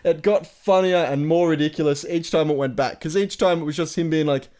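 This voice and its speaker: A man's voice: fairly high pitch, fairly quick, few pauses, darkish tone. A man co-hosting a casual film review podcast, telling stories animatedly and mimicking characters. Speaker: podcast co-host.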